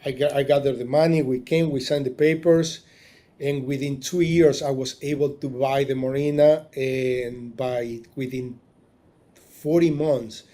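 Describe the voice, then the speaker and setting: A marina business owner, speaking at a measured pace with a medium-pitched, mellow voice and fairly even intonation, recounts his story as a guest in a casual podcast interview. He frequently restarts his sentences, acts out quoted dialogue, and gets emotional during the telling.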